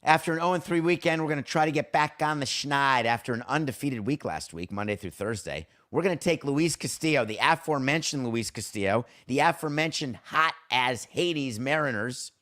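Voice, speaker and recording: A man's voice: medium pitch, animated, a little fast, few pauses, fairly bright tone. A middle-aged man hosting a sports podcast, talking in a blunt, wry, conversational way. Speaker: podcast host. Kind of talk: casual sports talk monologue.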